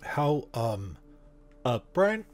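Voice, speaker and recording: A man's voice: mid-range voice, big pitch swings, drawn-out words, soft background music. A man playing in a tabletop game, talking in a hesitant way full of fillers and restarts. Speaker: player. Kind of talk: casual tabletop game talk.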